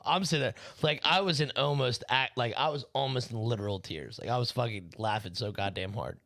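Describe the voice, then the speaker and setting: A man with a mid-pitched voice co-hosts a loose podcast, teasing his partner and spinning profane stories. His voice is close-miked on a podcast microphone and sounds dry, with no room around it. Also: a little fast, gravelly, few pauses, a bit bright, no echo. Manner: storytelling, teasing, heavy swearing. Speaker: podcast co-host. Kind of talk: casual profane podcast banter.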